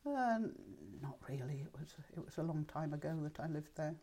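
A woman's voice: deep voice, animated, a little fast, warm tone. An older woman being interviewed, reminiscing in a chatty, thoughtful way and speaking her mind. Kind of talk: reminiscing oral-history interview.

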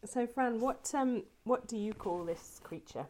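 Polite woman interviewer, mellow voice. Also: on the high side, a little slow, slight background noise. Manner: brief polite prompts. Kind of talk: dialect survey interview.

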